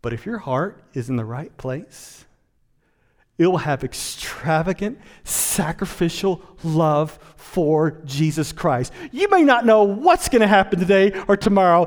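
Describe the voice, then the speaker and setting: A man delivering a sermon as a pastor, dropping to quiet asides and rising to loud, emphatic points. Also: expressive, unhurried, in a large hall. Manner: swells from low, quiet asides to high, emphatic preaching.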